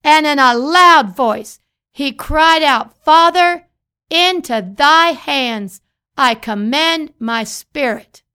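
Slow, bright-voiced woman preaching. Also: high-pitched. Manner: slow, emphatic preaching with repeated phrases and scripture readings. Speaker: pastor. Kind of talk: sermon.

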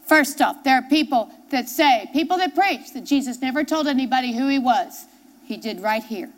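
Preaching a sermon, this woman pastor reads from scripture and hammers her message home by repeating key phrases and questioning the congregation. Her voice sits high, with lively intonation and a moderate pace.

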